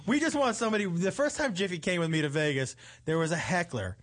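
A man co-hosting a comedy talk show, chatting with callers and telling stories with lots of laughter. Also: high-pitched. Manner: animated, laughs often, quick comic storytelling. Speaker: radio show co-host.

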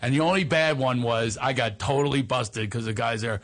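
A podcast host tells stories in casual chat, his mid-range voice moving a little fast. He's an animated storyteller who laughs often.

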